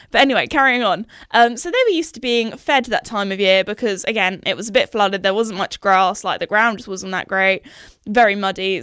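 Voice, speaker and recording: A woman's voice: mid-range voice, fairly bright tone, clean tone, dry recording, clean studio sound. A woman in her twenties hosting a podcast, telling rambling stories in casual, chatty talk. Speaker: podcast host. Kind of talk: casual chat.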